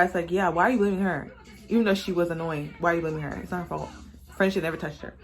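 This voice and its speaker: A young woman casually recapping a movie on her vlog, sassy and animated, acting out the characters as she talks. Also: fairly low pitch, fast talker. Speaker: vlogger reviewing a movie while doing makeup. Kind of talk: casual chat.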